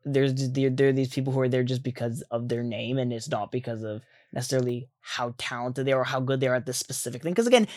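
A man's voice: mid-range voice, quick pace, few pauses, a little mellow, no room sound. A man hosting an interview, asking long, rambling questions with frequent restarts. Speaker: interview host. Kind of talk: casual interview conversation.

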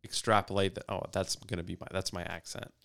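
A thoughtful man asks his co-host questions in a relaxed podcast chat, sometimes stumbling over his first words. His voice is low and notably smooth and resonant. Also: fast talker. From United States. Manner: thoughtful, asks questions, stammers when starting. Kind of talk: casual conversation.

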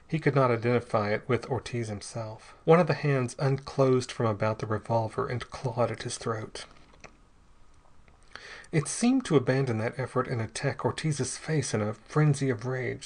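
Man narrating a story, steady and dramatic. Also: mid-range voice. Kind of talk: scripted narration of a pulp adventure story.

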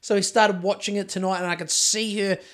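Brisk and high-voiced, this man keeps his pitch fairly level, with a fairly bright tone. He's a podcast co-host from New Zealand, a profane storyteller who rambles and swears freely while chatting.

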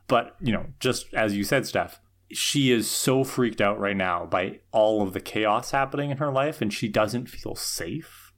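A man's voice: on the low side, normal speed, a bit bright. Thoughtful man chatting on a podcast. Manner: thoughtful, hesitant with restarts and frequent "like". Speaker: podcast co-host. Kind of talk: casual discussion.

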